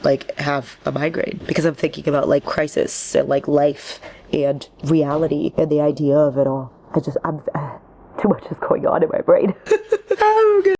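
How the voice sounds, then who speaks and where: Casual book vlogger, woman, 20s: low, gravelly, rambling, sweary, drops to whispers. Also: flat delivery, normal speed, dark tone. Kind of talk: casual reading vlog.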